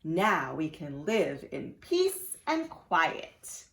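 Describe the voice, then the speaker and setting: A woman's voice: low-pitched, huge pitch swings, drawn-out words, vocal fry, exaggerated voice. A woman voicing a kindly, doting old grandmother in a children's storybook reading. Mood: relieved.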